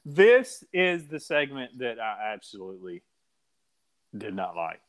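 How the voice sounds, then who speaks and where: A man's voice: medium pitch, very animated, unhurried. An American man hosting a casual podcast, rambling with restarts and laughing often. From USA. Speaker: podcast host. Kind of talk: casual chat.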